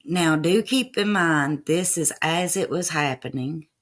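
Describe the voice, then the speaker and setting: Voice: mid-range voice, unhurried, a bit bright. A livestream host giving loose, chatty commentary over archive clips, with fillers and asides to chat.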